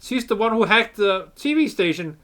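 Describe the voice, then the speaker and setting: A man's voice: high-pitched, animated, moderate pace, fairly bright tone, pitched above the performer's own voice. A man voicing a young female idol who sounds earnest, nervous and full of questions, in a fan reading of game dialogue. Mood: anxious.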